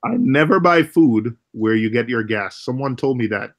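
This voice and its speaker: A man's voice: medium pitch, lively intonation, normal speed. A man from Jamaica chatting casually in a playful, teasing way. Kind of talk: casual group chat.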